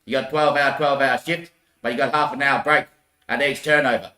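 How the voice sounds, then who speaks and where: A man voicing a boss calmly explaining shift times to a worker. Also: medium pitch, a little fast, roomy sound, natural voice. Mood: patient.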